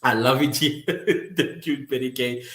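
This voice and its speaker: A man's voice: mid-range voice, a little slow, a bit bright, echoey room. A man hosting a casual livestream, chatting with viewers, teasing them by name and laughing often. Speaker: livestream host.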